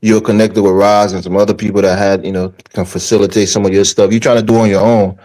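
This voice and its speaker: A man's voice: lowish voice, flat delivery, fast talker, mellow, poor audio. A man co-hosting a casual live-stream chat, asking questions in an easygoing, teasing way. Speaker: co-host.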